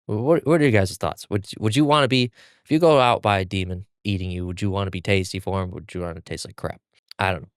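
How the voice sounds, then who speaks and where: A man's voice: sits low, fast, smooth, no room sound, studio quality. A man hosting a podcast, casually recapping a manga chapter in a chatty, giggly way with restarts. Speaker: podcast host. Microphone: podcast mic on a stand.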